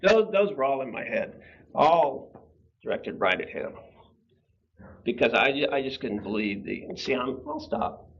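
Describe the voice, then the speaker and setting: A man's voice: medium pitch, sing-song, measured pace, pauses often, fairly bright tone. A man in his fifties teaching a church class, telling a personal story in a casual, chatty way and asking the class questions. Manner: conversational, laughs often, asks the class questions. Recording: dull lo-fi room recording.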